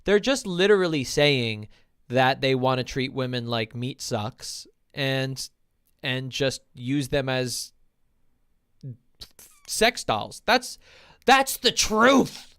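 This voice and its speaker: A man's voice: mid-range voice, slow, pauses often, fairly bright tone, clear, resonant tone. A man hosting a podcast as a relationship coach, ranting with heavy swearing and mocking impressions in casual chat.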